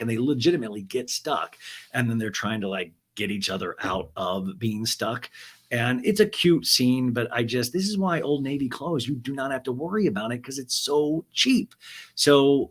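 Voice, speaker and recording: Husky-voiced man chatting loosely. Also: mid-range voice, animated, moderate pace, fairly bright tone. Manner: chatty, loose and swearing, acting out quotes. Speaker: podcast host. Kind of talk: casual recap chat.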